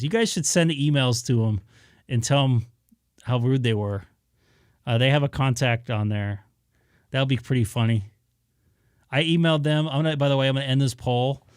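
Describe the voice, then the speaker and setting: A man's voice: mid-range voice, smooth, no room sound, clean studio sound. A man chatting casually to viewers on his amateur radio live stream, rambling with many fillers in an easygoing way. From Southern California.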